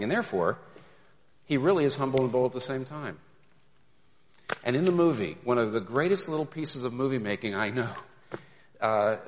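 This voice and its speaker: A man's voice: mid-range voice, big-room sound. A male pastor preaching a sermon in a conversational manner, building to emphatic peaks, then closing in prayer.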